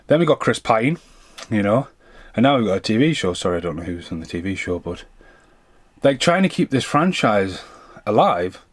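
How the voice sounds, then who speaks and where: A man's voice: lowish voice, husky, no echo. A man in his thirties or forties doing an unscripted film review rant, rambling, swearing freely and drifting off on tangents.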